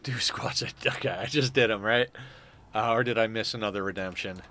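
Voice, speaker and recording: A man's voice: on the low side, moderate pace, pushed and bright. A man streaming a game, giving loose, rambling, chatty commentary and swearing now and then. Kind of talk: casual let's-play commentary.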